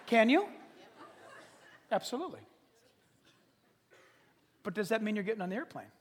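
A pastor preaching a sermon, animated and dramatic, dropping to whispers and acting out little scenes. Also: male voice, sits high, moderate pace, big-room sound, slight background noise. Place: church service.

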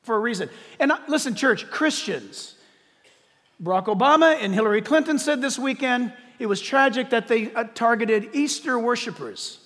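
Man, pastor, sermon, very high voice, emphatic, repeats key words, long church reverb. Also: lively intonation, normal speed, fairly bright tone.

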